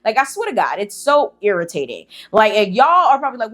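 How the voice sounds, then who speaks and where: A woman spins a creepy tale in loose, chatty storytelling. She is sassy and blunt and swears freely. Her speech is full of "like" and quick asides to the listener. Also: mid-range voice, sing-song, fairly bright tone. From Haitian heritage. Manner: profane, sassy, chatty with filler "like". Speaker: storyteller host. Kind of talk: casual storytelling.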